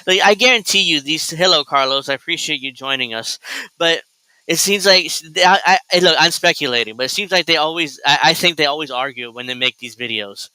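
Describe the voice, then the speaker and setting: A male host rambling through sarcastic, crude political reaction commentary. His voice is very bright and crisply clear, sitting a bit high for a man. The sound is dry and close. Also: a little fast, no room sound, low-quality recording.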